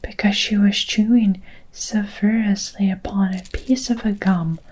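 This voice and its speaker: A woman reading a children's story aloud in a soft, unhurried whispered role-play. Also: mid-range voice, fairly even intonation, rough recording.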